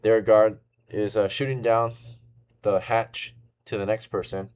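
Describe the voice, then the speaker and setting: Male game master, low voice, casual filler-heavy narration, faint room hiss. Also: flat delivery, measured pace, a little mellow.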